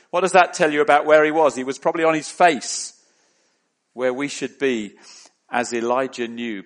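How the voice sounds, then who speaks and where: A man preaching a sermon in a measured, deliberate way, rising into emphatic questions. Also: medium pitch, fairly bright tone.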